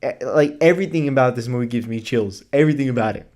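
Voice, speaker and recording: Male vlogger, mid-pitched, excitable, casual chatter full of fillers, drops the occasional swear. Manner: gushing, enthusiastic, talks fast with filler words. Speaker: movie reviewer. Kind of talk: casual movie review vlog.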